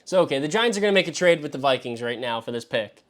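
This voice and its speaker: A man hosting a live stream as he works through a mock draft, talking to himself and swearing freely. He swings between exasperated yelps and low mutters. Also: animated, fast, fairly bright tone. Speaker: fantasy football show host. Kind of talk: live-streamed solo commentary.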